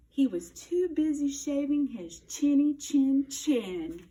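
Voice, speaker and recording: A woman teacher giving a slow, encouraging read-aloud lesson to young children, quizzing them and praising answers. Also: sits high, very animated. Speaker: first grade teacher. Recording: distant mic, faint background noise.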